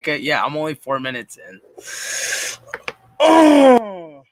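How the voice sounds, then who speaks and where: Speaking directly into his mic, a man streams a profane, exasperated reaction rant, sighing often. His mid-range voice has a sharp tone and a measured pace.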